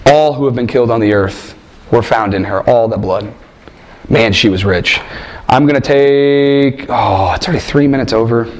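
A man's voice: medium pitch, normal speed. A man preaching a sermon and reading scripture, emphatic, asking rhetorical questions and repeating phrases for stress.

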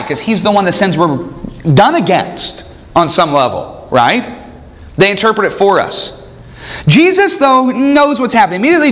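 A man preaching a sermon, acting out quoted voices and asking the listeners questions. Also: fairly high pitch. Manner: animated, acts out quoted voices, asks the congregation questions. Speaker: pastor.

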